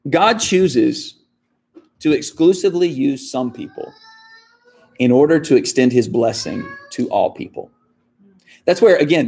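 Pastor mid-sermon, man with a fairly high voice, earnest and emphatic. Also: slightly rough. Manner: earnest preaching with lively, shifting emphasis.

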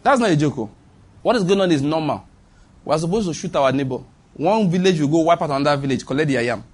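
A man with a Nigerian accent preaches a sermon in a husky, slightly raised voice. He drives his points home by repeating lines and calling out to the congregation for a response. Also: on the high side, expressive, fast. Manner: emphatic, repeats lines for stress, calls on the congregation.

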